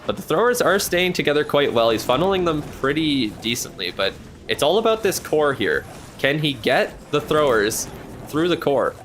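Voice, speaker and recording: A man calling a match live in loose, chatty play-by-play. His voice sits at an ordinary middle pitch, and he jumps on every turn with quick, excited reactions and a casual swear now and then. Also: slight background noise. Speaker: streamer commentating a match.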